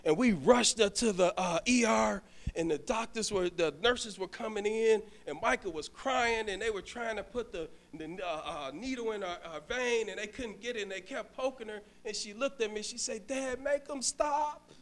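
High-voiced male deacon preaching. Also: normal speed, fairly bright tone. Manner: personal storytelling with frequent stammered restarts; addresses the congregation directly. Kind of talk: sermon. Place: church sanctuary.

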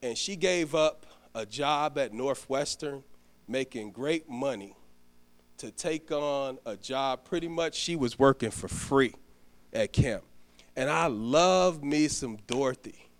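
A middle-aged man, a deacon preaching a sermon, telling a personal story and then praying, his voice building to loud emphatic peaks. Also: mid-range voice, takes it slowly. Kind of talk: sermon with story and closing prayer.

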